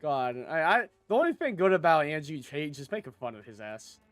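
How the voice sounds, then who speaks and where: A man with a notably high voice talks through a video game as he plays. His commentary is loose and rambling, peppered with swearing and asides. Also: very animated, fairly quick, a bit bright, no room sound, soft background music. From United States. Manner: loose, rambling and profane, with frequent laughs. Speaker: streamer. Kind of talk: casual gameplay commentary.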